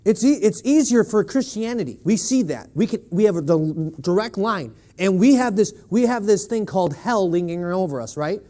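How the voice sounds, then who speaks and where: A man's voice: high-pitched, lively intonation, normal speed, few pauses, dark tone. A man preaching a sermon in a church, emphatic and leaning on rhetorical questions to the congregation.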